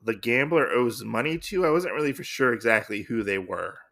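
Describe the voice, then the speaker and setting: Gravelly man recapping a comic. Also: mid-range voice, expressive, normal speed, a bit bright. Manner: rambling, heavy on fillers. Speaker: comic podcast host.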